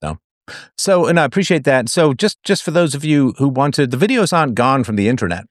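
A man's voice: mid-range voice, animated, brisk, no room sound, studio quality. A man hosting a live call-in show, blunt with crude asides, swinging his voice up and down as he talks. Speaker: host.

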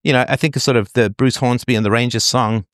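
A male author holds forth in a conversation, emphatic and digressive, with a dry, slightly sardonic edge. His voice sits at an ordinary middle pitch. The sound is close and dry, with no room to it. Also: fairly even intonation, fast, a bit bright, no room sound. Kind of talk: conversational interview.

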